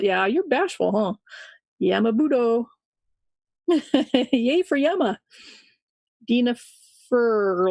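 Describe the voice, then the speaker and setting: Chatty woman host shouting out names from the chat, kinda high voice, dry close sound. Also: vocal fry, no echo. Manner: upbeat, greets listeners by name, laughs often. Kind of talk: casual live-stream chat.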